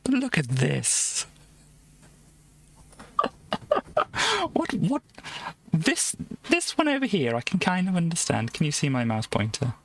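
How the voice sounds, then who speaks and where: A woman's voice: deep voice, big pitch swings, slow, long pauses, slight background noise. A woman streaming live, chatting casually and giggling as she reads through an old games magazine. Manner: chatty and giggly, trailing off into soft asides.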